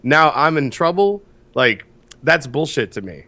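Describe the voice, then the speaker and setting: Congested male co-host, profane and animated. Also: on the high side, measured pace. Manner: profane, ranting, animated storytelling. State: congested from sinus issues. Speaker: podcast co-host. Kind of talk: casual podcast chat.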